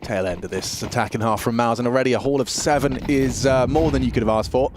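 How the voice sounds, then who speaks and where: A man casting live esports play-by-play, excitable and quick to shout at big plays. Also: medium pitch, noisy background. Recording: game gunfire behind the voice. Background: game gunfire and effects.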